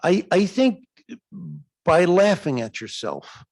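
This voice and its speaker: A man giving an animated answer in a lecture question period, acting out dialogue as he tells a story. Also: slow, no room sound. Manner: animated storytelling, acts out dialogue in raised pitch. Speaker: guest lecturer. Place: lecture hall.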